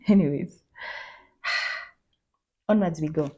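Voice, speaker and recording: A woman chatting casually in a vlog, animated and excitable, mimicking a chatbot in playful voices. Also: low-pitched, normal speed, faint music behind. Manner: excitable squeals and laughs. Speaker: vlogger.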